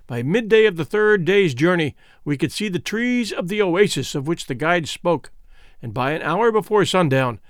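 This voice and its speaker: A man reading a first-person adventure audiobook in a measured storytelling way. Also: sits high, animated, no echo, clean studio sound. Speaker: audiobook narrator. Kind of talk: scripted narration.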